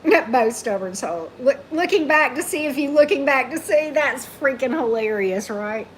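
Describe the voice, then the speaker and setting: Animated and moving at a moderate pace, a woman hosts a casual tarot livestream at a table in her home, her voice growing hoarse after lots of talking. Chatty, she reads viewers' comments and thanks them, calling her dog in a high coaxing tone over faint room noise.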